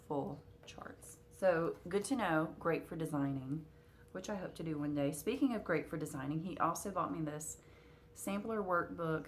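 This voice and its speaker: Low-voiced woman chatting casually. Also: slight background noise. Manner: chatty, with frequent fillers. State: hiccups. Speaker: cross-stitch vlogger. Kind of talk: casual chat to camera.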